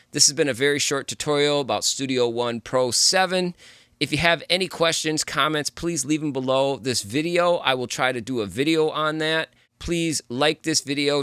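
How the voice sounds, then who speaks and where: A man hosting a music production tutorial, explaining step by step in a relaxed, casual way as he works. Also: medium pitch, smooth, no room sound, clean studio sound. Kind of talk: casual screen-recorded tutorial.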